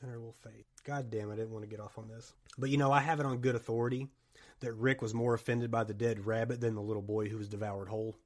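A man hosting a podcast, chatting about a horror film in a rambling, jokey, animated way. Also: lowish voice, fast talker. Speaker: podcast host. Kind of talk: casual movie chat.

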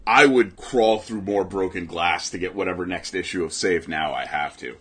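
A man's voice: sits low, a bit bright, husky. A man co-hosting a casual comic book podcast, talking enthusiastically and teasing his co-host. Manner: enthusiastic, teasing, quick asides. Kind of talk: casual chat about comics.

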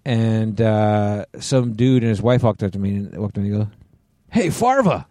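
A man's voice: on the low side, steady tone, fairly quick, dark tone, dry recording. A man in his forties co-hosting a casual podcast chat, blunt and dry, swearing casually. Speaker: podcast co-host.

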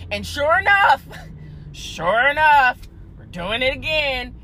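Animated, profane woman telling a story. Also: high voice, takes it slowly, slight background noise. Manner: blunt, profane, animated, with frequent laughs; addresses listeners directly as "y'all". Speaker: podcast host. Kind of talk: casual storytelling monologue.

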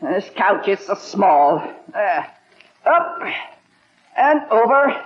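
A performer playing a blunt, bossy, sharp-tongued aunt in a 1950s radio sitcom, on a dull old broadcast recording. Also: female voice, mid-range voice, big pitch swings, takes it slowly, roomy sound. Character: brash, bossy elderly aunt, heavyset and blunt.

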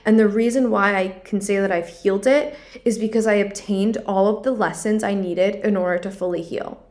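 A woman's voice: mid-range voice, steady tone, moderate pace, a little mellow. A young woman hosting her own podcast, talking through a personal story in an earnest, confessional way, with lots of "like" fillers. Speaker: podcast host. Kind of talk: personal reflective monologue.

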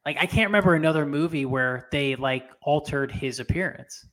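A man's voice: fairly high pitch, fairly quick, a bit bright. Laid-back chatty man co-hosting a podcast. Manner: laid-back, chatty, says "dude" and "like" a lot. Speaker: podcast co-host. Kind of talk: casual chat.

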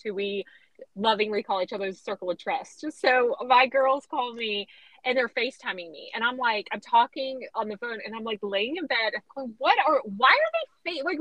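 Woman, animated storyteller, bright tone, dry close recording. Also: fairly high pitch, dry recording, low-quality recording. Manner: animated storyteller, acts out quoted voices. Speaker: interview guest, pageant titleholder. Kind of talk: storytelling in a podcast interview.

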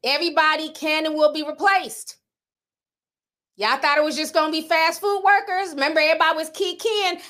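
Woman host, high and bright, sassy and animated. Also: a little fast. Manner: sassy, animated, calls viewers sis and honey. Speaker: podcast host reading super chats. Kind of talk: casual livestream chat.

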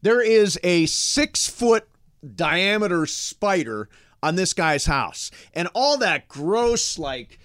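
Style: animated talk host, grumbling man. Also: sits high, slow, no echo, studio quality. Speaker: radio show host. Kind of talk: casual banter.

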